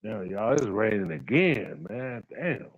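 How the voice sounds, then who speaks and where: A man's voice: fairly low pitch, big pitch swings, slow, breathy edge, lo-fi sound. A man hosting a casual livestream, talking bluntly, repeating his points and addressing viewers by name. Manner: blunt, repeats himself, talks to chat by name. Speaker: livestream host.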